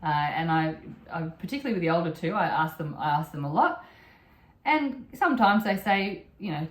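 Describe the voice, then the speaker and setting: A woman's voice: medium pitch, animated, a little fast. A middle-aged woman co-hosting a podcast, speaking earnestly and repeating phrases as she thinks. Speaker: podcast co-host. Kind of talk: casual conversational chat. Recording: echoey room.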